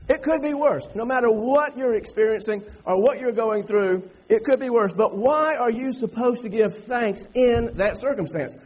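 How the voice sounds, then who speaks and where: A man's voice: very high voice, normal speed, hardly any pauses, a little mellow, breathy edge, lo-fi sound. A man pastor giving a sermon in a church, folksy, repeating phrases and building to emphatic preaching. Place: church sanctuary.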